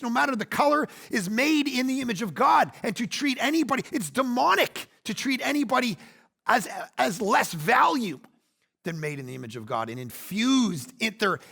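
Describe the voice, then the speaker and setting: A man in his forties preaching a sermon, animated, swinging between loud bursts and quiet asides. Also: very high voice, gravelly. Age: 40s. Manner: acts out quoted lines in playful voices. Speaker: pastor.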